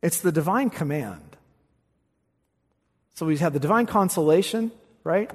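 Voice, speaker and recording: A man preaching a sermon, reading scripture with emphasis and rising high on the quoted verses. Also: lively intonation, unhurried, breathy edge. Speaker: pastor. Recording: long reverb of a large hall.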